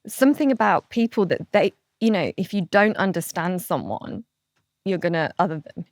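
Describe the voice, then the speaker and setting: A British woman in her thirties talks heartfelt and earnest as an interview guest, her voice sitting fairly low. The sound is close and dry, with no room around it. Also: animated, normal speed, no echo. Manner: earnest, heartfelt, sometimes choked up. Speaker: podcast guest. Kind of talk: emotional conversational interview.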